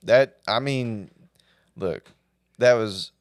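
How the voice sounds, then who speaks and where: A man's voice: lowish voice, extremely slow, no echo. Laid-back young Texan man, dry sound. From Texas. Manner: laid-back, conversational, steering the topic. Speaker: podcast co-host. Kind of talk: casual chat.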